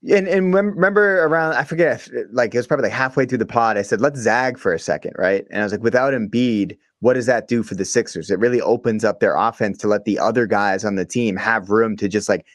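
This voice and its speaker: A man co-hosting a sports podcast in casual chat, animated and blunt, swearing and calling people "bro.". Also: lowish voice, quick pace, hardly any pauses, dry recording, studio quality. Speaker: podcast co-host.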